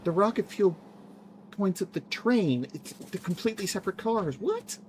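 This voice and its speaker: A VTuber streamer giving live gameplay commentary, excitable and swearing while talking to themselves. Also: medium pitch, moderate pace, a little hiss or hum. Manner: excitable, swears, talks to self while playing.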